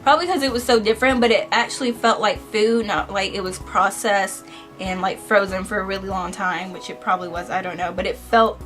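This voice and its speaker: A young woman vlogger chatting casually with a friend, animated and full of fillers. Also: medium pitch, a little fast, faint music behind. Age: young adult. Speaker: vlogger, study abroad student. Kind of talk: casual chat.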